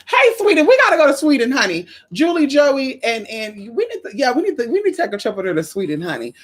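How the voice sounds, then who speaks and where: A woman hosting a casual livestream, sassy and animated, calling her viewers honey and girl while greeting them. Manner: swoops high for greetings and drops low for asides.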